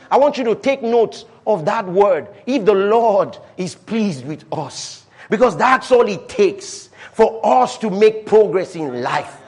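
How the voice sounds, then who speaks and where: A man with a high, animated, slightly rough voice preaches a sermon, reading scripture slowly. He repeats key phrases and leaps from quiet asides to shouted declarations.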